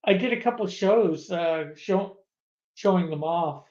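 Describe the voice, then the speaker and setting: A man with a high voice chats casually, stumbling and restarting his sentences and leaning on "you know." His sound comes through dull and lo-fi, like a remote caller's. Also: unhurried, a little mellow. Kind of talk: casual chat.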